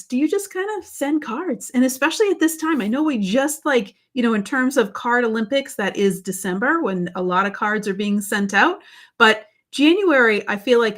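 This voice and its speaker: A woman's voice: sits high, a bit bright. Chatty woman hosting a craft livestream. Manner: chatty, greets viewers by name, many fillers and restarts. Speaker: livestream host. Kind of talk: casual live-stream chat.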